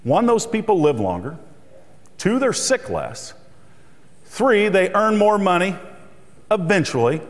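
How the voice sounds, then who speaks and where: A middle-aged male keynote speaker tells jokes and anecdotes on stage. His voice is a little high and very lively, rising and falling as he works the crowd. The conference hall adds a long, ringing echo. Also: unhurried, long pauses. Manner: storytelling, joking. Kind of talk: humorous motivational speech. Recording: reverberant hall.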